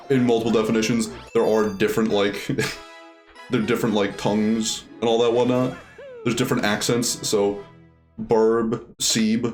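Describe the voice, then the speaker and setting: A man with a low, slightly mellow voice streams a video game, chatting casually and thinking aloud with lots of filler words.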